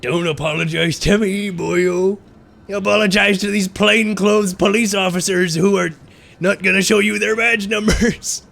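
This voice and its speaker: A man doing a loud, booming impression of a gruff old crab boss from a cartoon. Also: fairly even intonation, measured pace, full character voice. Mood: blustering.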